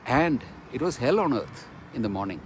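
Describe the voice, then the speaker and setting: A man's voice: mid-range voice, sing-song, normal speed, slight background noise. A middle-aged man from Kerala with an Indian English accent, giving an impassioned, emphatic testimony straight to camera and repeating phrases for force. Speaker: speaker giving a personal testimony.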